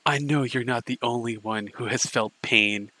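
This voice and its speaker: A man's voice: mid-range voice, normal speed, pushed and bright, no room sound, poor audio. A man hosting a casual group stream, mockingly reading aloud and stumbling over his words. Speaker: stream host.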